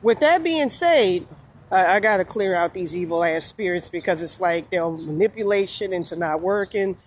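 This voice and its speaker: This woman from New Orleans, USA, vlogs about spiritual topics in a casual, wandering monologue packed with fillers. She talks briskly in a low, steady voice.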